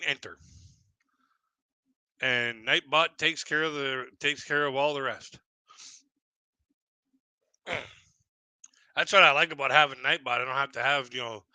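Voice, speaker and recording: On a low-quality recording with no echo, a Canadian man hosts a livestream in a fairly high, sharp-toned voice. He talks at a moderate pace and pauses often, telling rambling, casual stories with many restarts and chuckles.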